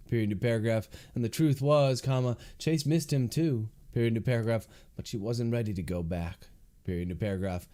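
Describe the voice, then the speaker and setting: A man's voice: mid-range voice, normal speed, dark tone. An author reading his novel aloud on a livestream, speaking each comma and period as he dictates. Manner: reads out punctuation marks word by word.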